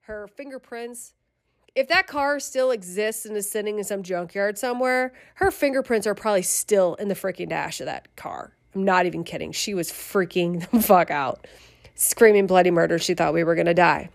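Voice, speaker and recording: A middle-aged woman casually telling a personal memoir, animated, swearing and laughing as she goes. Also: mid-range voice, normal speed, gravelly. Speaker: storyteller.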